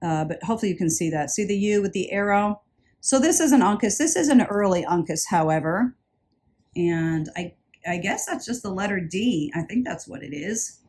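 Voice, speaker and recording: This woman's voice sits in the middle range, animated and a little mellow, at a moderate pace, with a faint hiss or hum in the background. She is vlogging indoors while traveling, showing off a jewelry haul in a chatty, excited way and repeating words to stress them.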